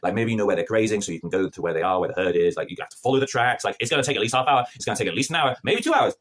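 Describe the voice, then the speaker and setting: Brief: male reviewer, rapid-fire and sarcastic, very lively pitch, casual vlog review. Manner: sarcastic, animated, acts out scenes in mocking voices. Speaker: TV review vlogger.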